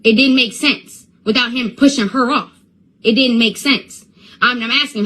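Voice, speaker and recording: A woman's voice: on the high side, expressive, moderate pace, pushed and bright, husky. A woman telling a story to her viewers on a phone livestream, repeating and stumbling over words as she goes. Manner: stutters and repeats words when upset. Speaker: Instagram live streamer.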